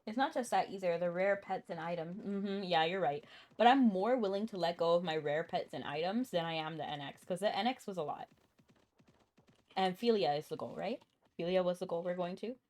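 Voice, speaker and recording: A woman's voice: lowish voice, fairly quick, darkish tone. A woman live-streaming a game, chatting casually and answering her chat, with a cough now and then.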